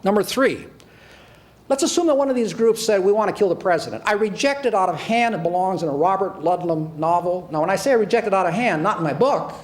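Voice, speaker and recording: An older man from the U.S. who used to be a prosecutor speaks brisk and high-pitched to an audience. His talk is sarcastic and emphatic, with words often repeated and restarted.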